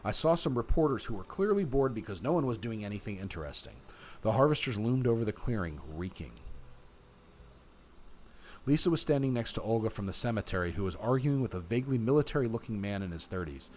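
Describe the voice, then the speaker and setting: A man streaming a text game, reading its narration aloud with relaxed, chatty asides. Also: fairly low pitch, fast talker, slight background noise.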